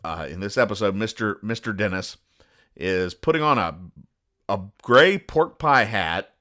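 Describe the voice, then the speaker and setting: Wry male host with a bright tone. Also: on the low side, lively intonation, unhurried. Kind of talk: casual comedic comic-strip commentary.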